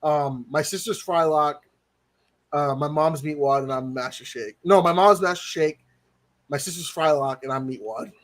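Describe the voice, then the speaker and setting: A man with a high voice chats casually on a livestream, animated and quick to laugh. He swears freely and acts out quotes as he talks. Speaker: co-host of a movie review livestream. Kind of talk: casual chat.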